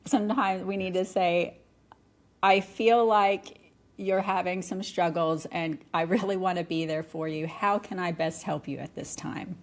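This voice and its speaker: Middle aged woman chatting openly on a podcast, kinda low voice, laughs a lot. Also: measured pace. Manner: candid, animated, laughs often. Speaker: podcast guest. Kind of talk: conversational podcast talk.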